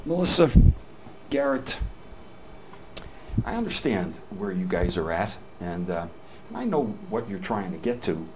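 A man's voice: deep voice, very animated, measured pace, long pauses, noisy background. An older man giving a live customer service training talk, telling folksy stories and acting out the quoted dialogue. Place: hotel meeting room.

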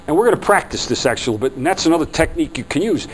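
Animated male sales trainer, higher voice. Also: fast talker, few pauses, slight background noise, low-quality recording. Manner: animated, acts out customer quotes. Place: training room with a group.

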